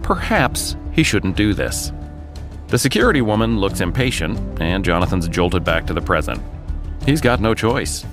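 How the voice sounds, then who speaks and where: An American podcast host with a lowish voice narrates a true story dramatically, in a sing-song manner at a normal pace. He breaks up scenes with jokey banter. His voice plays over a music bed.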